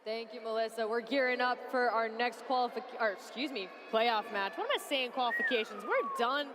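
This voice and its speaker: A woman commentating a robotics competition live from an arena booth, with excited exclamatory play-by-play. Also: on the high side, brisk, background noise.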